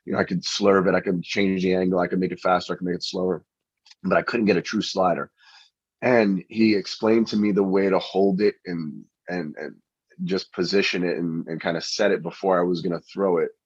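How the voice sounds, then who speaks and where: A middle-aged man, a pitching coach, chatting in an interview and telling anecdotes with frequent restarts. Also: steady tone, fairly quick, breathy edge, dry recording. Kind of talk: interview storytelling. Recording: dull lo-fi recording.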